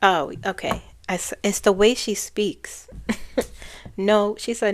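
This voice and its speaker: A woman's voice: mid-range voice, steady tone, takes it slowly. A woman psychic talking casually about a spirit she channeled, rambling and often restarting her phrases.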